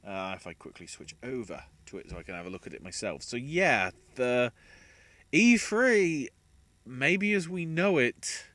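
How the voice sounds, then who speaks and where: A man's voice: on the low side, bright, forceful tone, no room sound. A man hosting a gaming channel, rambling casually and correcting himself as he talks through gaming news. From United Kingdom. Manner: rambling, self-correcting, chatty. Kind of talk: casual solo gaming commentary.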